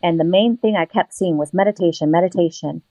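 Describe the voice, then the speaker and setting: A woman telling a personal story in an interview, animated and laughing often as she acts out what she said at the time. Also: lowish voice, a little fast, no echo, rough recording. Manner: animated, laughs often, acts out her own past lines. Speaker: guest.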